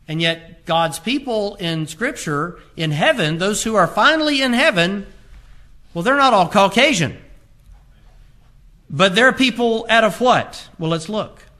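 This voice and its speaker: A man preaching a sermon as pastor, reading scripture aloud and moving between forceful emphasis and low, quiet delivery. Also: lively intonation, a little slow. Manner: emphatic preaching, reads scripture aloud in King James wording; rises in force on key phrases, drops low and quiet on others.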